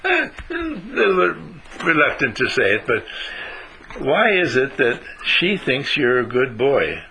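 Man, very bright tone, lively sing-song pitch, coaxing a young child with leading questions. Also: unhurried, gravelly, a little hiss or hum, poor audio. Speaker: adult talking with young children. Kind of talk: coaxing talk to a small child.

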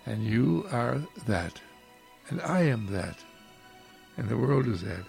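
A man's voice: medium pitch, very animated, slow pace, vocal fry, long pauses, darkish tone, soft background music. A man giving an inspirational spiritual talk, full of effusive repetition and rhetorical questions. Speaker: spiritual practitioner giving uplifting talks.

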